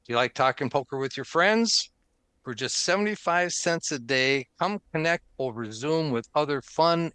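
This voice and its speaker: Bright, crisp-voiced male podcast host. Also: a little high, no room sound. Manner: upbeat, chatty, laughs often. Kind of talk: casual podcast chat and show intro.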